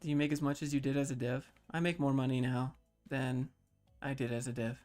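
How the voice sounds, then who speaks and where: A man in his thirties chats casually on a livestream, answering viewer questions in a low-key, even voice. His pitch sits in the middle of the male range. Faint music plays behind him. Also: brisk. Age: 30s. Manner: low-key, mellow, reads chat questions aloud and answers. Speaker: streamer answering chat.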